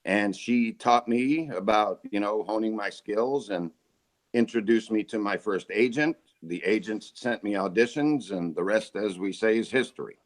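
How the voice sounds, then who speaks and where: Jokey man in his forties, low voice. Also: normal speed. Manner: jokey, relaxed storyteller. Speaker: guest, voice actor. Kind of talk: casual interview chat.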